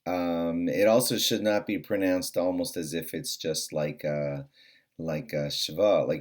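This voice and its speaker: Deep-voiced man teaching a short religious lesson. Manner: earnest, repeats key points slowly and deliberately; casual with fillers. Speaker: host teaching daily Jewish law. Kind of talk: short spoken halacha lesson.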